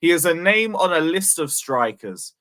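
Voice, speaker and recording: Male fan-channel host, slightly high and bright, sarcastic, sweary rant. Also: big pitch swings, normal speed. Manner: exasperated, sarcastic, swears often. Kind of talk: casual fan vlog rant.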